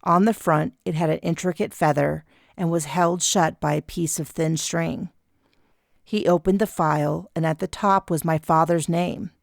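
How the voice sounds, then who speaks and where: A woman narrating a first-person audiobook in a steady, even storytelling manner on a close mic. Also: sits low, normal speed, creaky, no echo.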